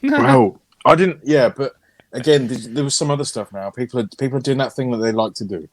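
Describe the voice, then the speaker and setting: A man co-hosting a casual podcast, chatting with animated energy and plenty of swearing. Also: mid-range voice, a little fast, crowd noise. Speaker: podcast co-host. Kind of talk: casual banter.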